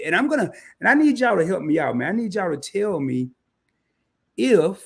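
Male live-stream host with a gravelly, raspy voice, loose and slangy, chatting straight to his viewers. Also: a little high, sing-song, moderate pace. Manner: loose slangy banter, greets viewers by name; frequent fillers and self-corrections. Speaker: credit card channel host. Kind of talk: casual live stream talk to chat.

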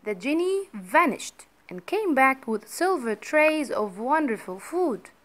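A woman storyteller reading a children's story aloud for learners, clearly and expressively. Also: high-pitched, sing-song, slow pace, a bit bright.

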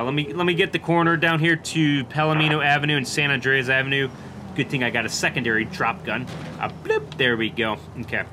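A man's voice: medium pitch, pushed and bright. A young man giving casual gameplay commentary, narrating his moves and talking to dispatch in police lingo. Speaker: gaming YouTuber playing a police officer. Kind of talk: casual gameplay commentary with in-character radio talk. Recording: clear game noise behind the voice.

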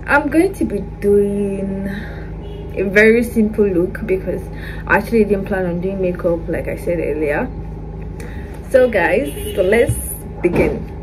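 A young woman vlogs from her hostel room on a phone camera, ranting candidly and upset in casual, slangy talk. Her voice is mid-range, with background noise in the recording.

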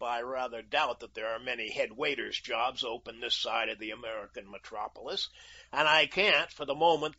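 A man's voice: medium pitch, bright, forceful tone, breathy edge, heavily acted. A man voicing a brash, cool-headed young American. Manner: cool, bargaining and mocking. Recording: dull lo-fi audio.

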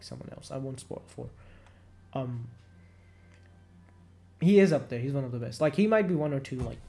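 A man's voice: fairly high pitch, a little mellow. A man hosting a gaming video, talking casually and enthusiastically, with lots of "like" fillers and restarts. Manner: rambling, fills speech with "like", enthusiastic.

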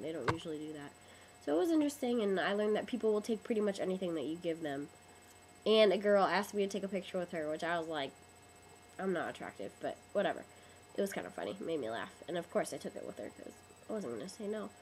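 A woman's voice: fairly low pitch, darkish tone, a little hiss or hum, rough recording. Sick young woman losing her voice. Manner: chatty, rambling, lots of ums. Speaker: vlogger. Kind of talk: casual vlog chat.

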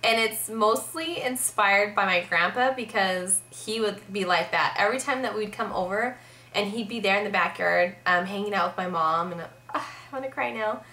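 A woman's voice: medium pitch, normal speed, bright, forceful tone, echoey room. A young woman vlogging in a casual, rambling chat to camera, filling her sentences with "like". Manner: chatty, rambling, heavy use of "like".

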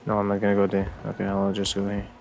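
A man's voice: lowish voice, monotone, quick pace, gravelly, highs cut off, slight background noise. A young man giving let's play commentary, jittery and repeating words in nervous runs. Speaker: gameplay streamer.

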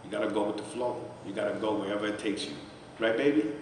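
At a charity celebration in a large event hall, a middle-aged guest speaker shares an emotional personal testimony, his fast, fairly low, fairly even voice occasionally choking up as he talks conversationally. The recording sounds echoey, with a distant mic and background noise.

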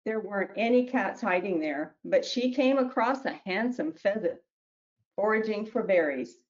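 A woman who wrote a children's book reads it aloud with gentle storybook narration and small slips, then talks about it. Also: mid-range voice, expressive, normal speed, highs cut off. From New Mexico, US. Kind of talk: reading her picture book aloud.

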